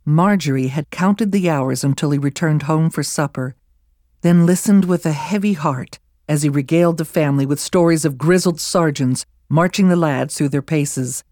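A narrator reads a historical novel in a measured, even way, close to the microphone. The sound is dry with no room around it, and the pitch sits in the middle. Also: no echo. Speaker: audiobook narrator. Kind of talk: scripted narration.

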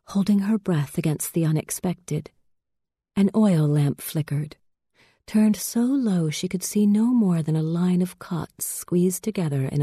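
Woman narrator, deliberate storybook reading, low mellow voice. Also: breathy edge, no echo, clean studio sound.

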